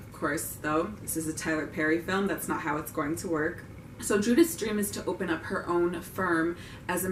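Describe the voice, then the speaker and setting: A woman's voice: lowish voice, fairly bright tone, a little hiss or hum. A young woman giving a casual, opinionated film recap with wry asides. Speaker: vlogger reviewing a film. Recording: roomy, distant mic.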